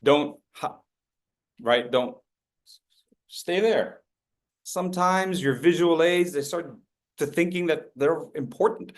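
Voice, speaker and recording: Speaking slowly and pausing often, a man with a fairly high voice presents a public speaking workshop. He's playful and jokey with the audience and leads them through group drills.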